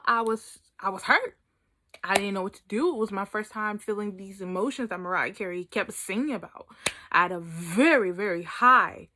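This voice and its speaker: A woman's voice: medium pitch, pushed and bright. A young woman telling a story in a playful, dramatic vlog style, full of asides and "like". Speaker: vlogger.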